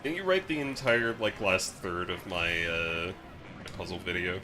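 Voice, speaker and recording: Dry, sardonic young man, lowish voice. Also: moderate pace, music in the background. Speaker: podcast co-host. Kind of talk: casual chat.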